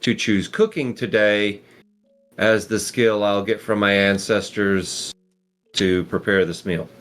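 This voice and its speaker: A man playing in a tabletop game, explaining his character's actions quickly and matter-of-factly. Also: lowish voice, steady tone, fairly bright tone. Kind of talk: casual game chat.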